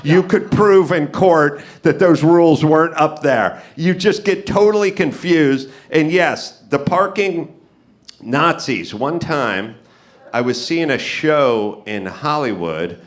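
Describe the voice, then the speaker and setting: A man hosting a live comedy podcast, telling stories and acting out dialogue with big swings in his voice. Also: slow pace. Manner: animated, acts out dialogue with big pitch swings. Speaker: podcast host. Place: live podcast on stage before an audience.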